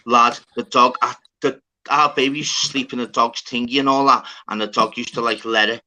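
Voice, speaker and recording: A man's voice: mid-range voice, fairly even intonation, brisk, bright, forceful tone, low-quality recording. A man telling a rambling, sweary story in casual chat. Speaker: podcast talker.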